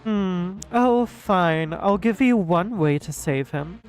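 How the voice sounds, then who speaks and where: A woman's voice: expressive, darkish tone, soft background music. Woman doing a cold, smug game-master man. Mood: taunting. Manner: mocking, smug, low and drawn-out. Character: cold expressionless masked male game master. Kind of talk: reading game dialogue aloud.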